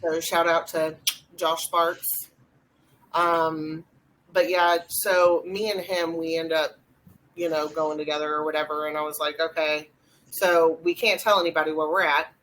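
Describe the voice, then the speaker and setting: A young adult woman, co-hosting a podcast and retelling a ghost hunt in a rambling, animated way with lots of fillers. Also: low voice, a little slow, a little hiss or hum, poor audio. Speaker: podcast co-host. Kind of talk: casual storytelling chat.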